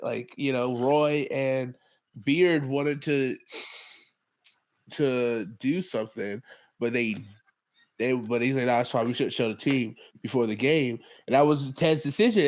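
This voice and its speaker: A man co-hosting a podcast, talking loosely and casually through a show recap, sounding tired. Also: on the high side. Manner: loose, chatty, laughs often. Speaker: podcast co-host. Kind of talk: casual chat.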